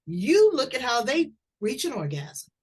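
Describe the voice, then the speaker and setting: This talk show host speaks in a high, slightly rough voice at a somewhat slow pace. Running an interview that drifts into casual conversation, she stays blunt and talkative, telling lively stories as she questions her guest.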